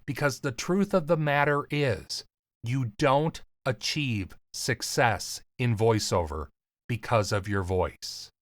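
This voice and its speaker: Man, slight lisp, emphatic, unhurried, animated pitch, everyday voice. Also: dry recording. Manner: emphatic, earnest, deliberate pauses; casual, swears lightly. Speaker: voiceover coach and podcast host. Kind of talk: direct-to-camera talk.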